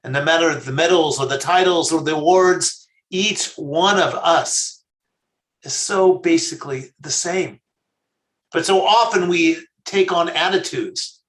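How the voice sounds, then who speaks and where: A man, a rabbi, telling a story in a sermon, measured and slowing down for emphasis. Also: a little high, a bit bright. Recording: echoey room.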